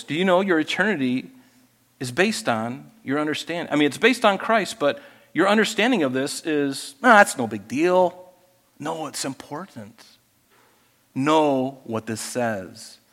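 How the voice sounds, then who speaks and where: A man preaching a sermon as pastor, lively and animated, acting out people he quotes. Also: big-room sound. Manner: animated, acts out quoted people in higher voices.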